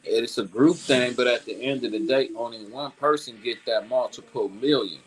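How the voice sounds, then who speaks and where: A middle-aged man, ranting about football on a casual talk show, swinging between low grumbles and loud, high outbursts. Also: moderate pace, slight background noise, low-quality recording. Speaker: show co-host. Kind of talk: casual sports rant.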